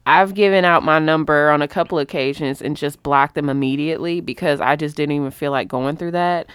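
A woman co-hosting a casual podcast, chiming in with quick, wry comments. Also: deep voice, clear, resonant tone, dry recording, studio quality. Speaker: podcast co-host. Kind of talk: casual chat.

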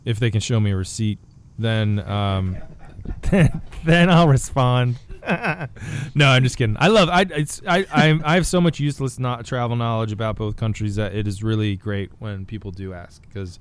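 A man's voice: lowish voice, moderate pace, smooth. A man talking as a guest author in a casual podcast chat, joking and rambling with restarts.

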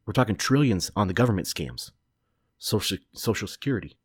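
Man in his thirties, very low voice, dry close sound; blunt, opinionated solo podcast host who swears and restarts sentences. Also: sing-song, brisk, husky, dry recording. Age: 30s.

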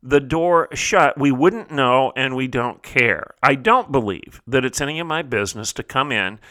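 A middle-aged man hosts a talk show in a bright, forceful voice. He builds his monologue with emphatic, preacherly rhetorical questions. The studio sound is close and dry. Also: mid-range voice, normal speed, no echo. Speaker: radio talk show host.

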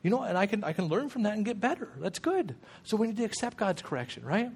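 High-voiced man preaching a casual sermon. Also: big pitch swings, quick pace, creaky, husky. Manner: conversational, jokey, acts out quoted voices. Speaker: guest preacher.

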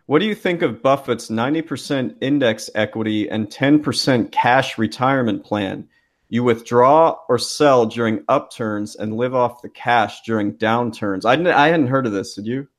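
A man's voice: mid-range voice, moderate pace. A man co-hosting a podcast in casual chat, reading listener donations aloud in a dry manner.

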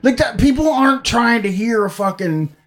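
A man co-hosting a call-in show, talking in rambling, profane, animated banter. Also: very high-pitched, moderate pace. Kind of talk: crude casual banter.

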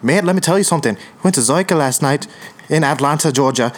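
A man putting on an Irish accent, playing a hearty man raving about a meal with loud, emphatic delivery. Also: fairly high pitch, fast, background noise, lightly acted. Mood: boisterous. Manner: hearty, emphatic, laughing through it.

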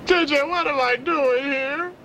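An actor playing a troubled young male student who is confused and speaks in halting, dazed lines in a film scene. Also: extremely high pitch, sharp tone, a little hiss or hum, exaggerated voice. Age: young adult. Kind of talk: film acting.

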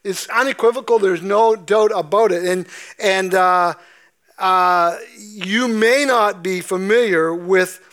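A man with a notably high voice preaches a sermon, talking the congregation through a text in an easy, conversational way. He often pauses on fillers and restarts his sentences as he explains. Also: fairly bright tone. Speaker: pastor. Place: church sanctuary.

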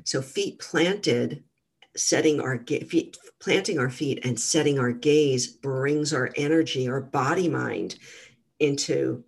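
Gravelly-voiced woman coaching gently. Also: very deep voice, slow. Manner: gentle, warm coaching tone with many fillers. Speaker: guest, mental fitness trainer. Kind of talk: casual interview talk.

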